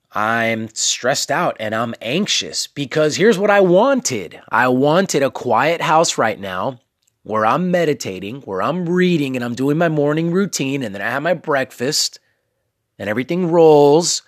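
Candid podcasting dad, close dry sound. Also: male voice, mid-range voice, a bit bright, no room sound. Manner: candid, talks to listeners directly with frequent asides. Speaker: podcast host. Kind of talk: casual motivational monologue. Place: his bedroom at home.

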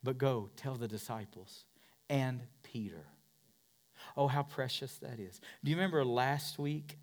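A male pastor preaching a sermon with passion, dropping to hushed tones and climbing to loud, shouted declarations. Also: medium pitch.

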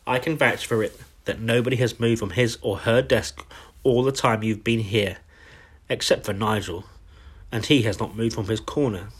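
A man voicing a gentle but firm young woman teacher. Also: on the low side, fairly even intonation, normal speed, slightly rough.

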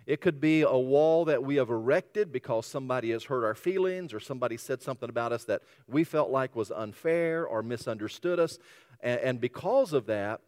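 A man preaching a sermon in a church sanctuary, his voice set a little high and ringing with a long hall reverb. He hammers on repeated words and throws rhetorical questions out to the congregation. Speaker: pastor.

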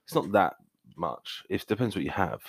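Deep-voiced man in casual podcast chat. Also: animated, normal speed, creaky, breathy edge, no room sound, clean studio sound. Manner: chatty, trying out accents. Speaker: podcast co-host.

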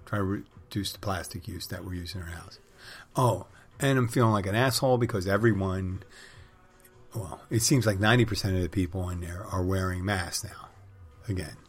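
Middle-aged man, very deep and husky, wry, rambling podcast host with crude humor. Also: brisk. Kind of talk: rambling casual monologue.

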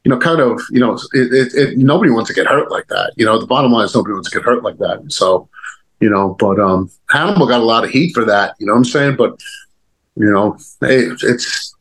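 A man's voice: mid-range voice, fairly quick, fairly bright tone, rough recording. A man in his fifties, a former wrestler, telling stories in a rambling, casual way, with many restarts, fillers and the odd swear word. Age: 50s. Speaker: guest, former pro wrestler. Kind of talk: casual storytelling chat.

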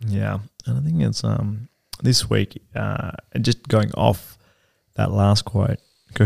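A man's voice: lowish voice, fairly even intonation, slow pace, creaky, darkish tone. A man in his thirties co-hosting a podcast in casual chat, rambling with fillers and casual swearing. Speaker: podcast co-host.

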